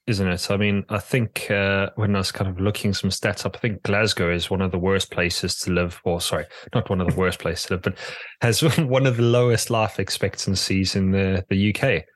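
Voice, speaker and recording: A man's voice: sits low, fairly even intonation, moderate pace, hardly any pauses, no room sound. A man co-hosting a podcast in casual chat, hesitant with many fillers and laughs. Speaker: podcast co-host.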